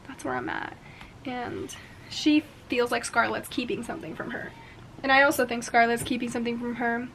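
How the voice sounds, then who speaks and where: Excitable young woman book vlogger. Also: on the high side, moderate pace, a little hiss or hum. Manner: excitable, gasping and swearing as she reacts. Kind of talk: casual reading vlog chat.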